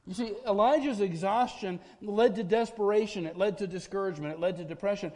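High-voiced man preaching in a reverberant hall. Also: darkish tone. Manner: earnest, emphatic preaching with repeated parallel phrases. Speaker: pastor. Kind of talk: sermon.

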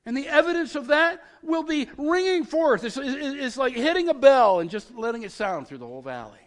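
A man preaching a sermon as pastor, getting excited and repeating words as he builds up. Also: extremely high pitch, fairly quick, in a large hall.

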